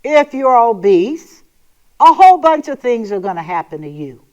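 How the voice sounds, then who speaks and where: A woman's voice: fairly high pitch, big pitch swings, moderate pace, mellow, rough recording. A woman hosting a talk show, speaking in an emphatic, sassy and sometimes sarcastic monologue. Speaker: host.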